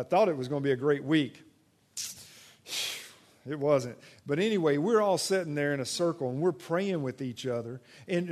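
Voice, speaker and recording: A young man preaching a sermon in a conversational way, moving between loud emphatic stretches and soft, quiet ones. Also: fairly high pitch. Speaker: pastor.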